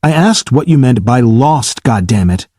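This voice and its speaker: A man's voice: medium pitch, animated, measured pace, dark tone, no room sound, clean studio sound. A man voicing a blunt, clipped test pilot. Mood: exasperated. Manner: curt, clipped, swearing. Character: blunt, angry male naval test pilot. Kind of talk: audiobook character reading.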